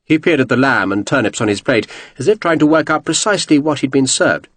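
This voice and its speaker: A man reading a historical novel aloud as audiobook narration, measured and expressive. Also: mid-range voice, no echo.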